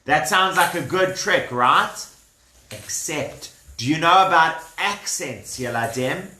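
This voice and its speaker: A man's voice: a little high, animated, slow pace, sharp tone. A man telling a Bible story to children in a chatty way, asking them questions, in a room with children listening. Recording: roomy echoey room.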